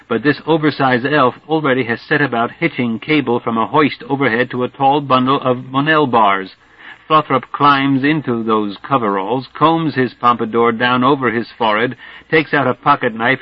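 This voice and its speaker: A man's voice: medium pitch, normal speed, no room sound. Male audiobook narrator, dry and muffled. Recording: dull dry studio sound.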